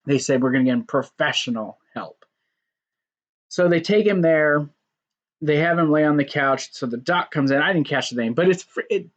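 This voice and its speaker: A man with a fairly high voice recaps a wrestling show in a loose, animated way, acting out the lines he quotes. The recording sounds dull and lo-fi. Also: moderate pace. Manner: animated, acts out quotes with laughs. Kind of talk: casual recap commentary.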